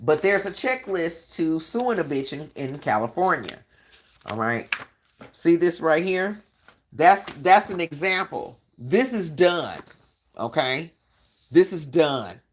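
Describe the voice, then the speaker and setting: A woman hosting a live-stream Q&A, talking bluntly and profanely in a combative tone and often asking "all right?". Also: on the low side. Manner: blunt, profane street talk. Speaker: channel host.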